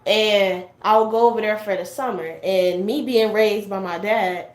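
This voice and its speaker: A young woman tells a personal story in a loose, rambling way, full of fillers and acted-out quotes. Her voice sits at an ordinary middle pitch. It bounces around an echoey room. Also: fairly even intonation, normal speed. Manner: rambling, heavy fillers, acts out family quotes. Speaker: guest sharing a personal story. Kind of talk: casual storytelling chat.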